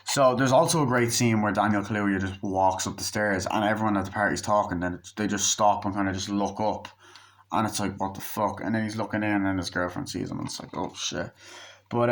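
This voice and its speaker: A man's voice: fairly low pitch, steady tone, a little fast. A man giving a casual, rambling film review, swearing freely and losing his train of thought. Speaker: movie reviewer.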